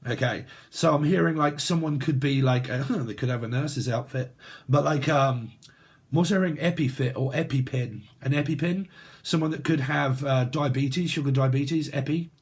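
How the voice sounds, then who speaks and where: Husky rambling British tarot reader. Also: male voice, medium pitch, normal speed. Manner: rambling, free-associating, laughing, crude jokes. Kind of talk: casual spoken tarot reading.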